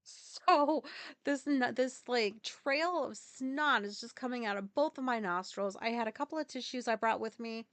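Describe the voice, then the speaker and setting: Woman, casual storytelling, rambling and candid, fairly high voice, smooth clear tone, dry close sound. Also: normal speed, a bit bright, no echo. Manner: candid, rambling, swears freely, many fillers. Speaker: podcast host.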